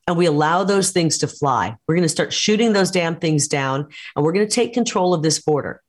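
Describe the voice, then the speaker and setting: Forceful woman campaigning in an interview. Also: sits low, expressive, a little fast. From United States. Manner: forceful, combative campaign talk. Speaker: political candidate. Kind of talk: interview over a call.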